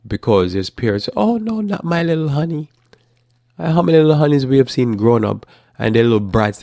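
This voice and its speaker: A man giving a live Bible teaching talk, animated, now and then acting out whiny children and doting parents. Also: fairly low pitch, vocal fry, no echo, studio quality. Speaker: preacher.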